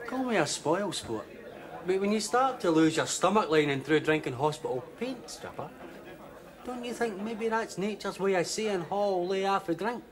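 A man's voice: high voice, animated, normal speed. An actor playing a smart-mouthed barman who teases his customers with dry wit in a sitcom.

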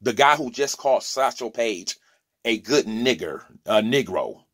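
A man's voice: medium pitch, expressive, unhurried, a bit bright, husky. A man in his forties giving a heated opinion monologue, repeating and restarting words as he presses his points. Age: 40s. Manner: impassioned, stumbling restarts, preachy asides. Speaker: opinion vlogger.

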